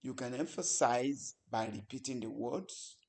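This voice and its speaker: A man teaching public speaking in a lecture, talking deliberately with many pauses between short phrases. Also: medium pitch.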